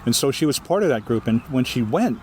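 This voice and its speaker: A man from Hawaii with a Hawaiian accent, telling a ghost story as a guest storyteller in a lively, animated way. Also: medium pitch, fast talker, a little hiss or hum. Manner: lively, animated, acts out the voices. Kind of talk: oral storytelling in an interview.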